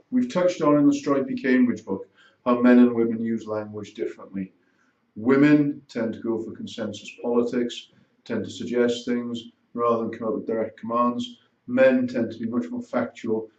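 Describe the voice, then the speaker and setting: A man giving a recorded lesson summary as a lecturer, speaking in measured, short phrases. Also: medium pitch, darkish tone. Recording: roomy, distant, dull sound.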